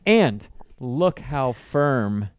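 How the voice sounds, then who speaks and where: A man hosting a crude, casual podcast, excitable and profane, jumping from loud outbursts to mutters. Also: mid-range voice, drawn-out words, clean tone, dry recording, studio quality. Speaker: podcast host.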